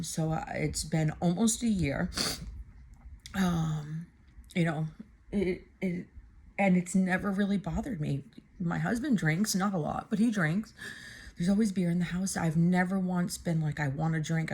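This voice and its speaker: A woman in her thirties tells her own faith story in a low, gravelly voice with plenty of vocal fry. She talks earnestly and haltingly, with frequent fillers and false starts, as if recording a personal video. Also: a little mellow. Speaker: church member giving testimony. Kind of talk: personal testimony to camera.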